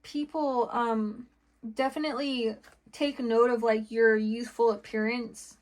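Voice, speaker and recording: A woman's voice: on the high side, fairly even intonation, unhurried. A woman giving a casual tarot reading, rambling and chatty with lots of fillers and restarts, laughing between thoughts. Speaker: tarot reader.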